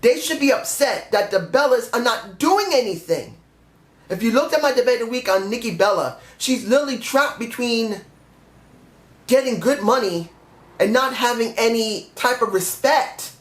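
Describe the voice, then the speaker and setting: A man's voice: very high-pitched, animated, moderate pace, fairly bright tone. Frustrated man ranting in an echoey room. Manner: frustrated, ranting, stumbles and corrects himself. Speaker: wrestling show reviewer. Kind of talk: solo review rant.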